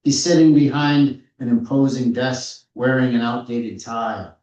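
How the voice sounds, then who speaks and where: A man in his fifties, an author giving a measured, reflective reading from his memoir at a live authors' event. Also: medium pitch, fairly even intonation, a little mellow. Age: 50s. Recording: roomy, distant, dull-sounding hall recording.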